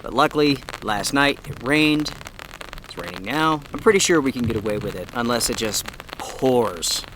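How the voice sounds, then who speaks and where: Out of breath under a forest tarp, this man addresses his viewers directly in a chatty, upbeat camping vlog. His mid-range voice has lively intonation and a moderate pace, set against the loud noise of heavy rain outdoors.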